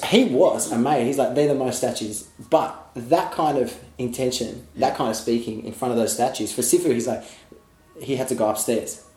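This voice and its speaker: A man telling an anecdote in a casual group chat, animated and quick to laugh. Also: medium pitch, echoey room.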